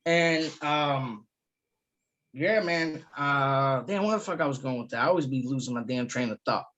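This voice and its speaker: A man's voice: mid-range voice, normal speed, fairly bright tone, dull audio. A man, a guest comedian, chatting casually on a podcast and telling loose, profane stories full of fillers.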